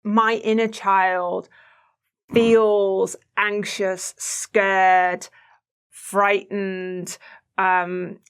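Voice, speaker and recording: A woman's voice: medium pitch, level tone, drawn-out words, clear, resonant tone. A woman with a mid-range voice reads a viewer's question and presses it further. She keeps her questions earnest and probing. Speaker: co-host reading questions. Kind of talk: interview questions.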